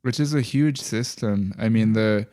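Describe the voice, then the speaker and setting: A man's voice: lowish voice, a little slow, dark tone. A man co-hosting a podcast, chatting casually with short, dry interjections. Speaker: podcast co-host.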